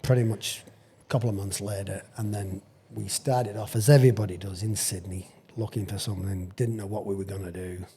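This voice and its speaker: Mellow-voiced older man. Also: fairly low pitch, steady tone, fairly quick, hardly any pauses. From England. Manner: rambling, chuckling storyteller with frequent restarts. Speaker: retired rugby league player, podcast guest. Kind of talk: casual storytelling anecdote.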